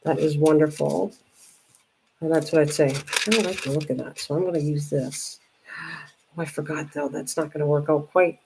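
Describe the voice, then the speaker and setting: An older woman with a lowish voice hosts a live crafting stream. She greets viewers by name in friendly bursts, then drops into quiet muttering to herself as she works. A faint hum of noise sits behind her. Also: fairly even intonation, normal speed, gravelly. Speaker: craft livestream host.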